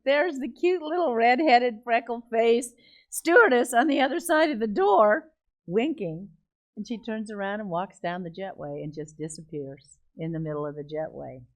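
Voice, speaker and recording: An older woman telling an animated personal testimony in a conversation, laughing often and speaking with emphasis. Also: on the low side. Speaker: guest speaker. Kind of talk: storytelling testimony.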